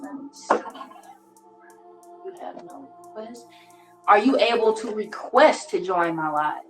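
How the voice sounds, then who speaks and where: A woman's voice: medium pitch, fairly bright tone. A woman hosting a casual live stream, slangy, playful and coaxing. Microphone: phone. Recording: echoey room with faint music.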